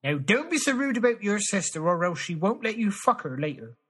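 A man with a bright, tense and slightly husky voice, pitched a little above the usual. He fires off crude one-liners for a comedy podcast sketch. Each line lands in a new regional accent. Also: big pitch swings, brisk. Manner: crude punchlines, switching accent every line. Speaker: podcast co-host.

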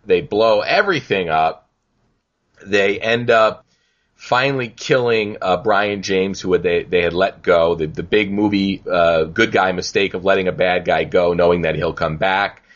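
A man's voice: low-pitched, measured pace, a bit bright, dull audio. A man hosting a podcast, recapping a film in a laid-back way and laughing often. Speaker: podcast host. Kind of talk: casual film discussion.

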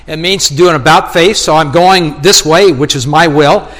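A man's voice: fairly high pitch, moderate pace, fairly bright tone, long reverb tail. A middle-aged male preacher giving an earnest sermon, often acting out his own prayers and conversations with God. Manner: earnest, acts out dialogues with God.

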